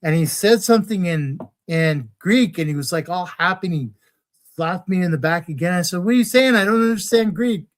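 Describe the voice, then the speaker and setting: A man's voice: high voice, fairly quick, a little hiss or hum. A man co-hosting a crochet livestream, telling a story in casual chat with many restarts.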